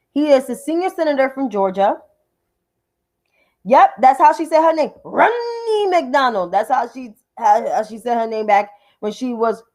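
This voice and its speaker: A woman with a high voice hosts a political commentary livestream. She talks in a combative, profane rant and keeps repeating names to drive her point home. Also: a little mellow.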